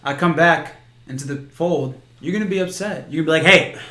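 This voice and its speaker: A man's voice: on the high side, brisk, bright, forceful tone. A man co-hosting a podcast in casual chat, with a dry, teasing way of talking. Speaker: podcast co-host. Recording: echoey room, faint noise.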